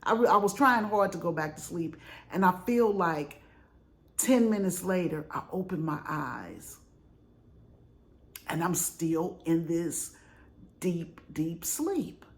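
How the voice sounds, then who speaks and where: A woman's voice: fairly low pitch, slow, pauses often. Chatty woman telling a story. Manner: animated, chatty, dramatic retelling. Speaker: vlogger. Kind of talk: casual storytelling.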